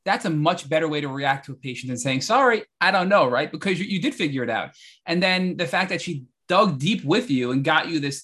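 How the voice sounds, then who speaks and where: A fast, bright-voiced man hosting. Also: on the high side. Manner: enthusiastic, apologetic interruptions, recapping. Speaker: podcast host. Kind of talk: interview questions.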